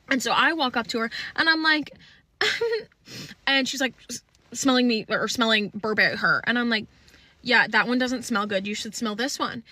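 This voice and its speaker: A young woman telling a casual storytime into her phone, animated and laughing, swearing freely. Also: on the high side, brisk, no room sound.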